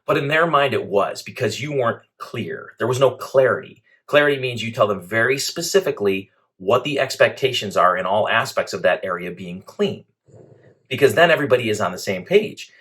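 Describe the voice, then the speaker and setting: A man teaching a leadership training lesson, methodical and clear, laying out his points one after another. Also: on the low side, expressive, brisk, a bit bright. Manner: clear, methodical, speaks in lists.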